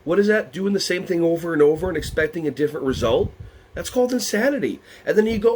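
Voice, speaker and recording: A man from the United States leading a lively workshop for early childhood educators, playful and energetic. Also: a little high, fast talker, slight background noise. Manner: animated, playful, breaks into songs and silly voices.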